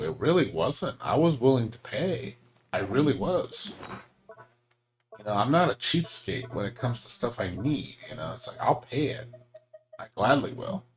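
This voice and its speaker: A man chatting casually while streaming a game, ranting and swearing with lots of fillers. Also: on the low side.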